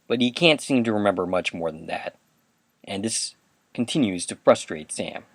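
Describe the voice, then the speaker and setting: A man's voice: mid-range voice, dry recording. A man hosting a rewatch podcast, casually recapping an episode scene by scene and quoting the characters' lines. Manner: casual, animated retelling with quoted dialogue. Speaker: podcast host.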